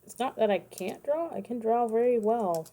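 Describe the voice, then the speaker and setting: A woman's voice: a little high, expressive, moderate pace, mellow. A woman in her thirties chatting casually on a livestream, rambling and correcting herself, sounding tired. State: tired, yawning. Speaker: streamer making custom cards.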